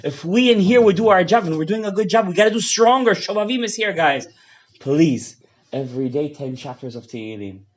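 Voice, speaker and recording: Man, rabbi, fiery Torah lecture, high animated voice, dull lo-fi audio. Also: a little fast. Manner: impassioned, swings between shouting and hushed asides; mixes English with Hebrew and Yiddish terms.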